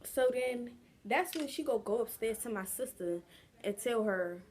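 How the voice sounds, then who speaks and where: A woman's voice: a little high, animated, unhurried, a little mellow, husky. A young adult woman telling a casual storytime vlog, chatty and slangy, drawing the story out. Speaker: vlogger.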